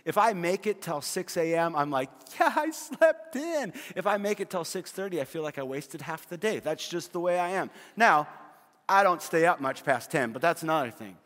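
A middle-aged male pastor preaching, his voice sitting a little high for a man. He tells homey stories with humor, stumbling over repeated words as he goes. The sound carries a long reverb from a big hall. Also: fairly quick, a bit bright. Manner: storytelling with humor, frequent repeated restarts. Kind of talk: sermon.

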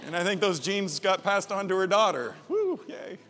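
A man preaching a sermon as pastor, moving from quiet, reflective passages to loud, emphatic repetition. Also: sits high, brisk, in a large hall.

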